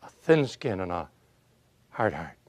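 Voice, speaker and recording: A man's voice: deep voice, a little slow. An older man giving a motivational speech, telling folksy stories and asking his audience rhetorical questions. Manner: animated, folksy storytelling with rhetorical questions and chuckles. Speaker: motivational speaker.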